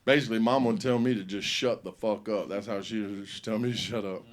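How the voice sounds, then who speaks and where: A middle-aged man hosts a comedy show on stage, delivering loud, profane stand-up stories and acting out the scenes. His voice is on the low side, steady in tone and brisk.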